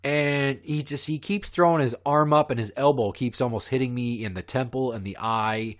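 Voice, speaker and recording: In a mid-range voice at a moderate pace, a male podcast host launches into ranting stories. He's heated and profane throughout.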